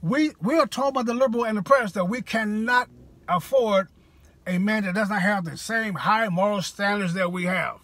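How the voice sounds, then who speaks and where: Male political commentator, fervent and preachy, husky, dry close sound. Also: high-pitched, moderate pace, fairly bright tone, dry recording. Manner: preachy, rousing, rhetorical questions. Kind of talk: direct-to-camera political monologue.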